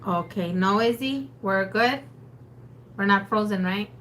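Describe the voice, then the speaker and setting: A woman's voice: mid-range voice, measured pace, a bit bright, a little hiss or hum. A woman co-hosting a casual livestream with a sore throat, chatting directly to viewers. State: sore throat, under the weather. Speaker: livestream co-host.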